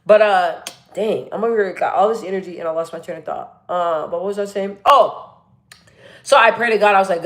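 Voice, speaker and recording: A woman live-streaming, reading chat comments and talking bluntly and energetically, with a naturally deep voice she lifts a little. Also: a little fast. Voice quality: naturally deep voice, pitched up a bit. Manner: chatty, blunt and energetic, full of fillers and restarts.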